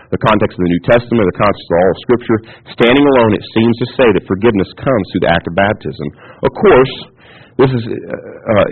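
A pastor preaching a sermon in a teacherly way, often checking in with the congregation. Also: male voice, lowish voice, breathy edge. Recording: tinny phone-like audio.

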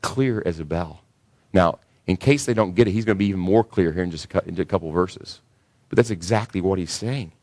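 A man preaching a sermon as pastor to his congregation, building up with animated emphasis and questions. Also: fast talker, no echo. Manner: animated preaching that rises high when voicing others.

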